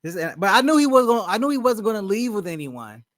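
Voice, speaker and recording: A man's voice: high voice, big pitch swings, fast talker, a bit bright, dry recording, clean studio sound. A man giving casual reaction commentary on a dating show, with incredulous, wry asides that trail off.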